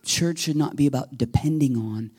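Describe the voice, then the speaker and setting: A man preaching a sermon as pastor, telling a story with lively quoted voices and sometimes dropping to a whisper. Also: medium pitch, moderate pace, husky. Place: church sanctuary.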